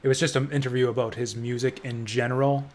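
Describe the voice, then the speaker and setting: A man's voice: mid-range voice, fairly even intonation, quick pace, a little mellow. A man streaming a game, reading its dialogue aloud in a dramatic way and drifting into casual, profane asides. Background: faint game music.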